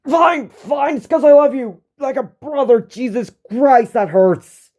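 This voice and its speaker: A man's voice: fairly high pitch, expressive, moderate pace, mellow, natural voice. A young man voicing a remorseful young male bully in pain who apologizes, in an amateur fan story reading. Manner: pained, apologetic.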